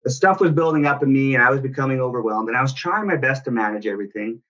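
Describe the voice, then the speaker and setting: Male parenting coach, earnest and reflective, bright forceful voice, lo-fi recording. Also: mid-range voice, quick pace. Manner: earnest, reflective storytelling with restarts. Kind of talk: personal story in casual talk.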